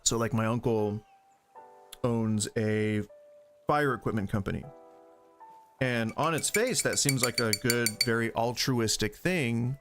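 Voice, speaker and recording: A man's voice: medium pitch, unhurried, pauses often, fairly bright tone, soft background music. A man with a light Southern US twang, chatting casually on a live stream, rambling off on wry tangents into a desk microphone. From Southern United States. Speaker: gaming streamer.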